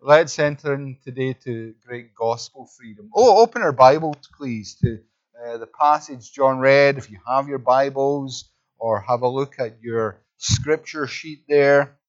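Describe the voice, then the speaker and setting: A man's voice: mid-range voice, unhurried. Scottish man preaching, lo-fi recording. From Scotland. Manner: earnest, rising to emphatic preaching. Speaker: visiting preacher. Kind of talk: sermon.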